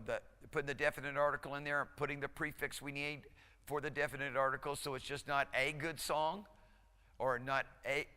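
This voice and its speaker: A male instructor lecturing a class, encouraging and conversational, drilling pronunciation slowly, syllable by syllable. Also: on the high side, bright, forceful tone, clean tone. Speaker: Hebrew instructor. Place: lecture hall. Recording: lecture hall reverb.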